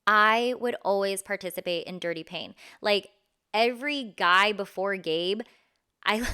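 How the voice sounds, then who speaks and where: Young woman host, bright clear voice, candid and slangy, chatty personal storytelling. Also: medium pitch, measured pace. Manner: candid, animated, slangy, laughs often. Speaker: podcast host.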